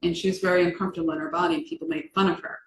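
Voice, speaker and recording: A woman from the United States, a yoga teacher, leading a relaxed and chatty class on a video call and asking the group questions. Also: fairly low pitch, racing. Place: room on a video call meeting. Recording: echoey room, faint background hiss.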